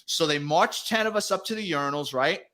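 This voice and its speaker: As a guest, a retired detective in middle age tells casual stories with plenty of profanity, acting out quoted lines with animation. His voice sits a little high and moves fairly quickly.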